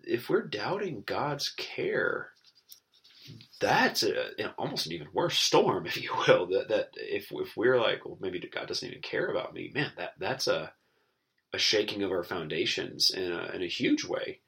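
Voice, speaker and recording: Male co-host, thoughtful casual Bible talk, gravelly with a bright edge. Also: on the low side, a little slow. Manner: thoughtful, animated, laughs often. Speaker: podcast co-host. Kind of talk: casual Bible study chat.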